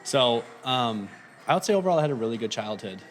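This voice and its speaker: A man in his thirties with a faint Minnesota accent speaks fast in a medium pitch as a guest on a podcast. The interview chat is casual and relaxed, and he rambles with lots of "um"s.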